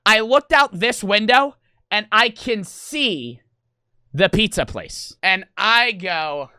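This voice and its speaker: On stream in a gaming house room, a young man tells a story in a rapid, excitable rush, swearing a lot and hitting his words hard. His voice is bright and forceful, and his lively pitch jumps all over. The sound is close, dry and smooth, with no room sound.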